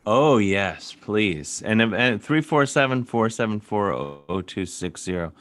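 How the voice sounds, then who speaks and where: A male host with a low voice swoops up and down as he teases and questions his guest. He keeps the chat loose and playful. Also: big pitch swings, takes it slowly, a bit bright. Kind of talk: casual chat.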